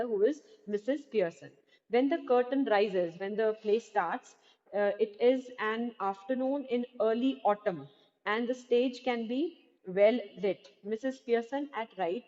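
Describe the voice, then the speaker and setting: A woman's voice: a little high, dark tone. Woman teacher explaining a play. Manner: explains line by line, asks students questions. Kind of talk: online English class explanation. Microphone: computer mic in video class. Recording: dull, roomy online class audio.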